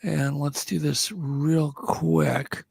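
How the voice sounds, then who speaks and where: A man's voice: on the high side, fairly even intonation, very slow, vocal fry, music in the background. A man co-hosting a casual talk radio show, chatty and laughing often, fighting a cough from a cold. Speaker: co-host.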